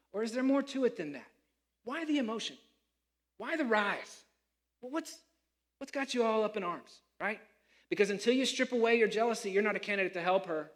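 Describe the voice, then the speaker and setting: A man preaching a sermon as pastor, animated and acting out the people he quotes. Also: sits high.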